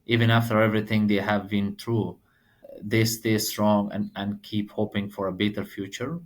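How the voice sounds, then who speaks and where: Afghan-accented man, low earnest voice. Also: little pitch movement. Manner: earnest, halting second-language English. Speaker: guest. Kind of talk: podcast interview.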